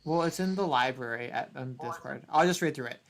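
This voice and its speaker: A man's voice: mid-range voice, a little fast, creaky. A man hosting a casual online talk show, reading a news article aloud with sarcastic, profane asides. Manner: sarcastic, profane, laughs often. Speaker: podcast host.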